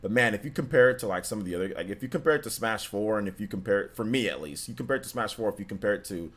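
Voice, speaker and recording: A man's voice: fairly low pitch, lively intonation, racing, a bit bright. A man hosting a game livestream, chatting loosely with many restarts and reading out donations from chat. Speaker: livestream host.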